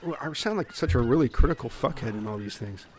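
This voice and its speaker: A man's voice: medium pitch, expressive, quick pace, slight background noise. A man in improvised comedy role-play, blunt and critical.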